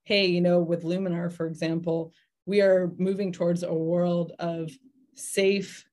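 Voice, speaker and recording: Low-voiced woman investor, thoughtful. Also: level tone, measured pace, a little mellow. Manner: thoughtful, many fillers and restarts. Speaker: venture investor guest. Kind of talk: conversational podcast interview.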